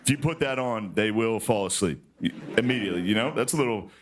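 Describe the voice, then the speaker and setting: A young adult man doing a stand-up monologue, deadpan and rambling as he tells his story. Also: fairly low pitch, fast talker, slight background noise. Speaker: stand-up comedian.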